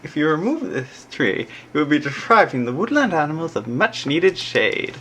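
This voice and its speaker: A woman's voice: sits low, normal speed, husky. Woman reading game text aloud. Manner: relaxed, murmuring fillers between read-outs. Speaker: let's play player.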